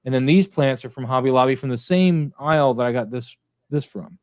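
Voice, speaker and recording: A man's voice: mid-range voice, brisk, no room sound. A man hosting a casual livestream chat, rambling with many fillers in a friendly way. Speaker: podcast host.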